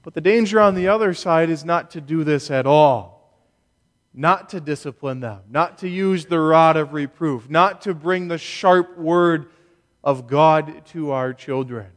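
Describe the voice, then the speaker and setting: Measured preaching man, reverberant hall. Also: a little high. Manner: measured, deliberate preaching with slow stressed key words. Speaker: pastor. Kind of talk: expository sermon.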